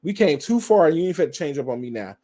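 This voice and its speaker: A man's voice: fairly high pitch, big pitch swings, fast talker, dark tone, pitched above the performer's own voice. A man voicing a cocky scheming male villain knight in a raised, slangy, pushy tone as he retells a movie scene.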